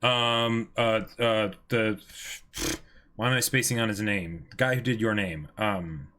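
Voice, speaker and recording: A man co-hosting a podcast in casual chat, halting, with many ums and restarts. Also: fairly low pitch, pushed and bright. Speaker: podcast co-host.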